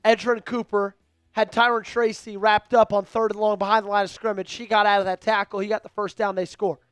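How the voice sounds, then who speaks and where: A man calls football plays live with a high, smooth, crisp voice that jumps with excitement. His mic is close and dry, with faint music under him. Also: brisk, no echo. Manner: excitable, hypes up viewers. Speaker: host of a team live stream. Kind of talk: live play-by-play commentary.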